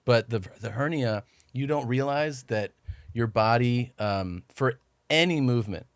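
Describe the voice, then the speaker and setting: A man's voice: mid-range voice, unhurried, clean tone, dry recording. A man guesting on a podcast, wandering through a long personal story in casual chat. He acts out the lines other people said to him as he goes. His voice sits in the middle of the range and is recorded dry and close in a studio. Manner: rambling anecdotes, acting out what others said.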